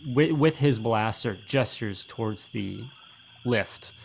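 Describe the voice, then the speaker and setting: A man running a tabletop role-playing game, describing scenes in a gravelly voice with many fillers. His speech is loose and unhurried. A faint hum sits behind him. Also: mid-range voice. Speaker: game master.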